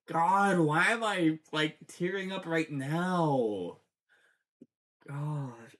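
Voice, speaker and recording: A fan talking through a cartoon series in a slow, unhurried ramble. The voice sits at an ordinary middle pitch and drifts between theories and heartfelt outbursts. Profanity comes often and easily. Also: lively intonation, fairly bright tone. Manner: rambling, swears often, gets teary. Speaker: fan commentator. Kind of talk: casual show breakdown.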